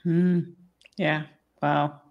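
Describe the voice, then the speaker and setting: A woman's voice: low voice, level tone, extremely slow, dull audio. A woman hosting a casual live chat, talking candidly with frequent laughs and restarts. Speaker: host.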